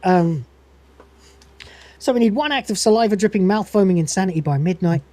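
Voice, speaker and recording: A man hosting a podcast while sick, casually retelling an episode in an animated way. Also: high voice, a little fast, dry recording. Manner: animated, acts out scenes with lots of "he goes". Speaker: podcast host.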